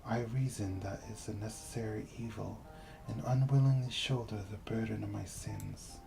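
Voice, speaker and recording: A man reading aloud the lines of a grave, guilt-burdened woman leader in a video game, in a measured, somber way. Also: fairly low pitch, fairly even intonation, gravelly, over music, poor audio.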